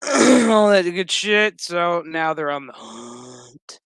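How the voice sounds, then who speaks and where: A man's voice: high voice, big pitch swings, slow pace, a bit bright, clear, resonant tone, no echo. A man giving a loose, profane, rambling recap of a TV episode, full of fillers. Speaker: TV episode reviewer.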